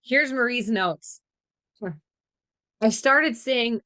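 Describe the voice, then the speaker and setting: A woman co-hosting a podcast, reading her notes in an expressive, exasperated way. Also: a little high, takes it slowly, long pauses, clean tone. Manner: expressive, exasperated, animated asides. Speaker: podcast co-host.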